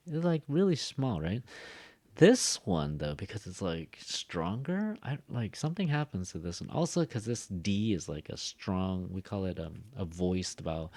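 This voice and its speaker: A man gives a casual recorded pronunciation lesson, speaking quickly in a somewhat low voice. He repeats short example sentences and leans hard on the stressed words. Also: sing-song, dark tone. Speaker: ESL pronunciation teacher.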